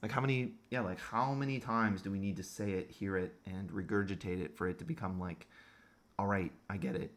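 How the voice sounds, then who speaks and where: Give me a man with a fairly low voice ranting sarcastically in a crude vlog monologue. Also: steady tone, a little fast, few pauses. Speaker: vlogger. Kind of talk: provocative monologue rant.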